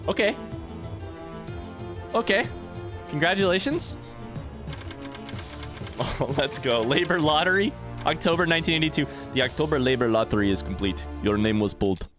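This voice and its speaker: A young man streaming a game for his chat, chatty and reading the on-screen text aloud. His pitch moves a lot, sitting in the middle range, with game music playing clearly behind him. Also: expressive, moderate pace, pauses often. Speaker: let's play streamer. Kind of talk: casual gameplay commentary.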